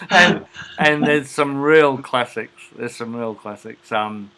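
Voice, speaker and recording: A man in a casual chat, sharing jokes and laughing loudly. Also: mid-range voice, unhurried, poor audio.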